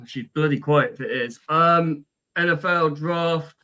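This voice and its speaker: A man's voice: a little high, unhurried, sharp tone. A British man on a podcast, answering quiz questions with hesitant guesses and jokes. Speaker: podcast co-host, quiz contestant. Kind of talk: casual quiz banter.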